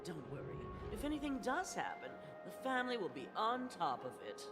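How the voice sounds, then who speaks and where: A woman's voice: mid-range voice, very animated, brisk, over music, natural voice. An actress voicing a boastful young woman who speaks in a breezy, self-assured way.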